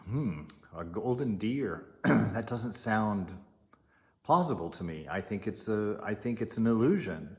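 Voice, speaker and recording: A man's voice: on the low side, lively intonation, darkish tone. A man doing a doubtful god-hero. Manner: skeptical, measured. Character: wise, doubtful male god-hero Rama.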